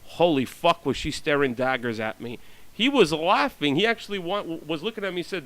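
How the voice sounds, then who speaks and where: A man's voice: fairly high pitch, animated, fairly quick, a bit bright, poor audio. A man telling rambling stories in a blunt, profane monologue, full of fillers and restarts. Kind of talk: ranting storytelling monologue.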